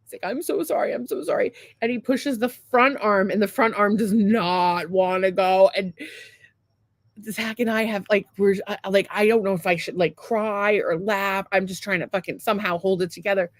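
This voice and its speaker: A woman podcast co-host telling a story in casual chat, animated, laughing often and swearing freely. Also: medium pitch, moderate pace, no echo.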